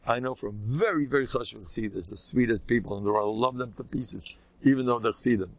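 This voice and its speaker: An older man, a rabbi, giving an informal, animated Torah lecture with a conversational, joking delivery. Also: fast. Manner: animated and conversational, swinging pitch, jokes with listeners. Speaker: rabbi teaching a class.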